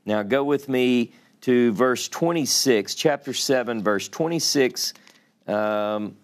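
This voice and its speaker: A man with a Louisiana drawl gives a Sabbath Bible teaching at an unhurried, measured pace. He reads scripture passages aloud and pauses to explain the Hebrew words. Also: mid-range voice. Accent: Southern US, Louisiana.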